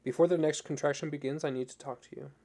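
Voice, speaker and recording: A cool, authoritative woman surgeon speaks in clipped, matter-of-fact sentences in this storybook reading, as a man voices her. The voice is gravelly and mellow. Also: fairly high pitch, steady tone, fast. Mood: clinical, firm.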